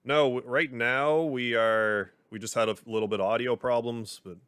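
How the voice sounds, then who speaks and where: A man's voice: medium pitch, fairly even intonation, moderate pace, fairly bright tone, clear, resonant tone, dry recording. A man streaming a video game live, talking casually and rambling with lots of "like" as he plays and chats with viewers. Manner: rambling, chatty, heavy use of "like". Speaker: gaming livestreamer. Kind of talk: casual live commentary while playing a game. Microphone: desk microphone.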